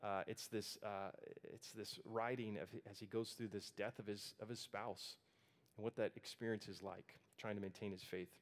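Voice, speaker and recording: Pastor preaching in a reverberant hall. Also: male voice, lowish voice, flat delivery, moderate pace. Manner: earnest, conversational, frequent restarts and "uh" fillers. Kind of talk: sermon.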